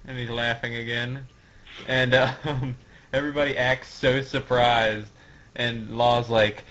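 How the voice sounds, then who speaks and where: A man guesting on a casual podcast, retelling comic scenes in an unhurried, giggly way. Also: mid-range voice, flat delivery, bright, forceful tone. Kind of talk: casual podcast chat, acting out comic lines. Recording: lo-fi dull audio.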